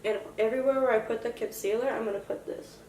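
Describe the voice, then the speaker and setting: A woman's voice: fairly high pitch, steady tone, fast, a little mellow, distant mic, slight background noise. A young woman in a casual makeup tutorial, chatty and self-joking as she explains each step. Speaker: makeup vlogger. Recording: roomy echo, voice from afar.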